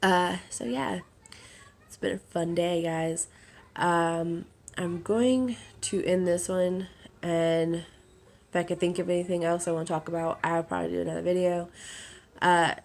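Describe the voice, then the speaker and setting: A young woman vlogging after a bad day, hoarse from crying, talking in a subdued, halting way with many fillers. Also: lowish voice, little pitch movement. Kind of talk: casual vlog.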